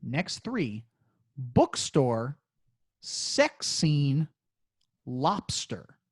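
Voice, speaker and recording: A man's voice: mid-range voice, sing-song, very slow, breathy edge. A man co-hosting a crude comedy podcast and running a movie quiz, talking in a playful, teasing, mock-boastful way.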